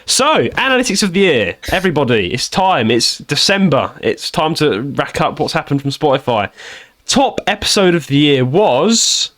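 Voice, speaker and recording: A man's voice: a little high, big pitch swings, normal speed, a bit bright. A British man hosting a casual podcast, giggly and rambling with many restarts. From United Kingdom. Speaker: podcast host.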